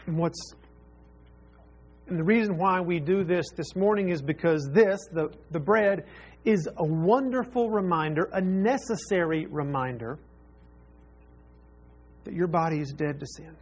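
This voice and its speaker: A man's voice: high voice, moderate pace, breathy edge. A man preaching a sermon as pastor, earnest and repeating phrases for emphasis.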